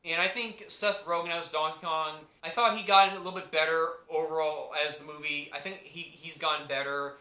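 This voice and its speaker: A man's voice: a little high, steady tone, a little fast, hardly any pauses, bright, forceful tone, echoey room. A man giving a casual spoken movie review, rambling and repeating himself with many restarts.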